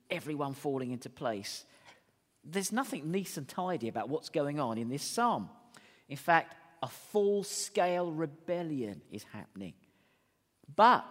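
A man preaching a sermon as pastor, chatty and animated, with wry asides. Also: mid-range voice. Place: church hall. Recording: long hall reverb.

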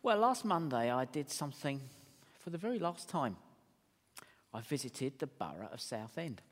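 A man preaching a sermon as pastor, chatty and animated, with wry asides. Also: medium pitch, moderate pace. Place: church hall. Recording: long hall reverb.

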